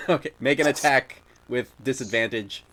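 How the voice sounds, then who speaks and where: A young man narrating as dungeon master in a loose, halting way, with many fillers and sounds he makes with his mouth. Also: mid-range voice, bright, forceful tone. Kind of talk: narrating a tabletop game.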